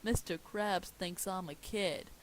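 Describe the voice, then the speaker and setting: A woman's voice: fairly low pitch, slow pace, slight background noise, rough recording. Woman reading a childlike cartoon sponge guy, eager and earnest. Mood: mixed. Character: upbeat childlike cartoon sea sponge, male.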